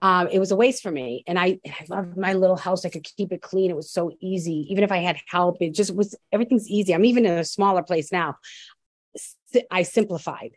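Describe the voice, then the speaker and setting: A woman's voice: lowish voice, brisk. A woman guest telling her story in a candid, emphatic, blunt way, often restarting her sentences.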